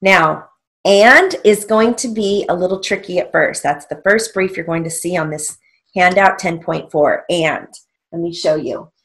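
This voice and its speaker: A woman teaching a stenography lesson, dictating short phrases slowly and spelling out letters, checking in with an occasional "okay?". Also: on the low side, a bit bright. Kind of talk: slow, deliberate dictation lesson.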